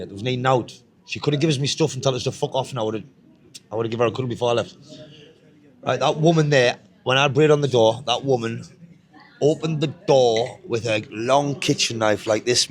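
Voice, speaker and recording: Here a fast-talking guest with a mid-range voice and a Northeast English accent chats about his life, originally from Northeast England. He comes across as blunt, swearing plenty and circling back over the same points.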